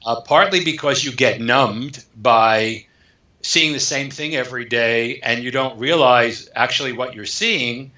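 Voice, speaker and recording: A man, an author guest in an interview, telling a story in an animated way and acting out the dialogue. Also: medium pitch, measured pace. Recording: echoey, dull lo-fi sound.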